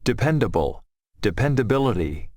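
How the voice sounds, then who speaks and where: A man reads practice words and sentences for a pronunciation lesson, enunciating each one with care. His pitch moves lively across words. The sound is dry and close. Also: normal speed, no room sound. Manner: clear, careful enunciation. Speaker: model reader for pronunciation drills. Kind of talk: pronunciation drill reading.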